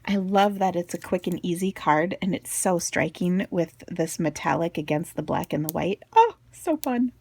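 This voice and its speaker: A woman's voice: on the low side, little pitch movement, moderate pace, hardly any pauses, slightly rough. A chatty woman in her forties with a Minnesotan accent, hosting a crafting tutorial from her basement home office in a bubbly, gushing way. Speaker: crafting video host.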